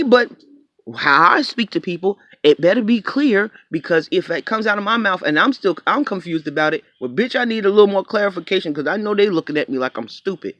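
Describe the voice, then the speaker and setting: A man's voice: sits high, animated, a little fast, a bit bright, dry recording. A man vlogging about his small business, telling a story in a casual, profane rant with acted-out quotes.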